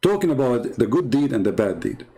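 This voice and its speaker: A man's voice: medium pitch, big pitch swings, fairly quick, dark tone. A man hosting an online commentary show, speaking in a mocking, argumentative way. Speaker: host.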